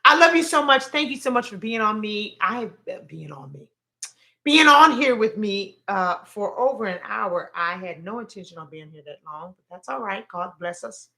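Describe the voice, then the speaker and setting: A woman hosting a livestream motivational talk, emotional and repetitive, sliding from gentle spiritual encouragement into loud exasperated rants. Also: medium pitch, expressive, normal speed. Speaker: host and counselor.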